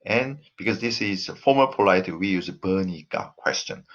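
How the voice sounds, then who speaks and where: A low, husky male voice with a Korean accent, explaining grammar in a recorded lesson. His pitch rises and falls a lot as he repeats example sentences and fills pauses with "uh." The audio is dull and lo-fi. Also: animated. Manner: explains slowly with frequent fillers, repeats example phrases. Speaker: Korean language teacher.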